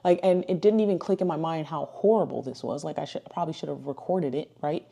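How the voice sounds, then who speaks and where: A woman's voice: low voice, quick pace, vocal fry, mellow, dull audio. A woman in her thirties, a ministry speaker, sharing a personal testimony in a chatty way, with lots of "like" and "you know" and acted-out quotes.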